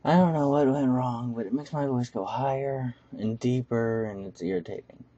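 A man's voice: medium pitch, moderate pace, warm tone, breathy edge, dry recording. Man on a muffled webcam mic. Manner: playful, chants repeated words while playing. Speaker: gameplay commentator. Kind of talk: casual let's-play commentary. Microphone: webcam microphone.

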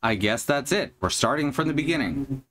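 A man's voice: mid-range voice, animated, moderate pace, fairly bright tone. A man streaming a video game live, chatting to viewers with casual, wry commentary.

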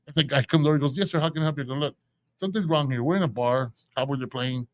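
A man, co-hosting a podcast and telling a profane, animated story in casual chat. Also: fairly high pitch, racing, no echo. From San Antonio, Texas. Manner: profane, animated storyteller doing quoted voices. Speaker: podcast co-host.

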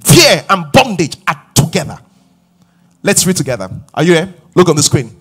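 A middle-aged man preaching a sermon as pastor, emphatic and rising to shouts. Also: a little high, big pitch swings, moderate pace, breathy edge.

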